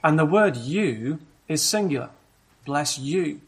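A man preaching a sermon in a measured, explanatory way, often asking rhetorical questions of the congregation. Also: on the high side, lively intonation, slightly rough.

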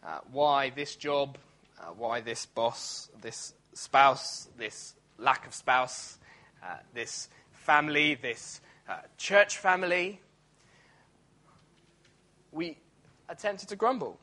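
A man's voice: mid-range voice, takes it slowly, long pauses, pushed and bright. A man preaching a sermon in a church, talking in a conversational way with many fillers and restarts, now and then acting out grumbling voices.

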